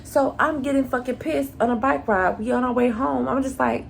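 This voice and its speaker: A young woman rants through a storytime on her vlog, swearing freely and acting out every line of dialogue she quotes. Her voice has a gravelly fry, with faint noise under the recording. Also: sits high, fairly quick, few pauses. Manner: animated, profanity-laced, acts out quoted dialogue. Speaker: vlogger. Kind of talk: profane storytime rant.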